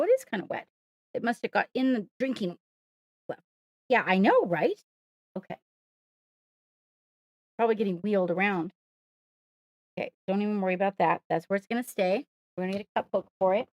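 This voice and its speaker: A woman's voice: mid-range voice, lively intonation, normal speed, pauses often, darkish tone, dry recording, dull audio. A woman hosting a live stream, coaxing and praising her pet in playful sing-song talk. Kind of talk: live-streamed casual chat.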